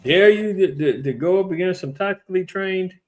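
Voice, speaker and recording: A man's voice: high voice, brisk, darkish tone. A man giving a casual, blunt and profane commentary on current events.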